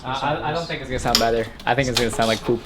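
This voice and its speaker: A man's voice: mid-range voice, racing. Teasing man in a noisy garage. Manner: joking, teasing. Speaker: vlog host. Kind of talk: casual chat while wrenching. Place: home garage. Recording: loud garage noise, tool clicks.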